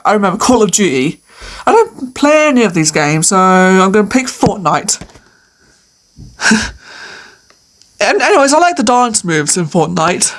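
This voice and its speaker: There's slight background noise as a woman with a fairly high voice goes through a quiz by herself as a video creator. Her casual commentary is playful and hesitant, full of fillers and punctuated by frequent laughter.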